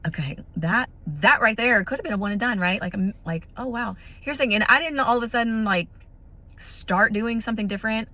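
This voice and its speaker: A woman's voice: on the high side, brisk. A woman, casually telling a personal faith story to her viewers, chatty and full of restarts. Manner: chatty, animated, many restarts and fillers. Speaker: vlogger sharing a testimony.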